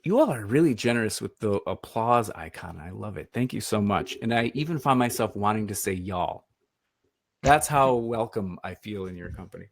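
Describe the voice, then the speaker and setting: A man's voice: fairly low pitch, animated, moderate pace, gravelly. A man from Michigan giving a casual online presentation, chatty and self-deprecating with rambling asides, over a computer microphone. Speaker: webinar presenter.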